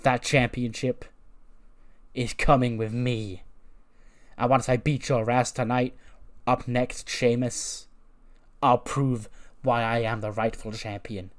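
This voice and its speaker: A man's voice: medium pitch, little pitch movement, takes it slowly, pauses often, close to an everyday voice. A man voicing a smug, showy male wrestler claiming a title.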